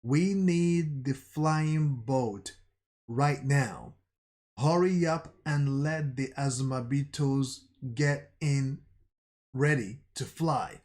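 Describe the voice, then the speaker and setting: A man's voice: mid-range voice, drawn-out words, a little mellow. A man voicing an anxious young male soldier, reading his lines in a raised, urgent way from a manga.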